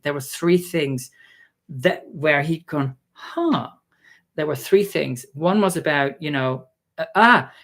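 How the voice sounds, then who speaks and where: In a casual vlog, a worn-out man recounts a story, sarcastic and fed up, voicing the people he quotes through abrupt shifts in pitch.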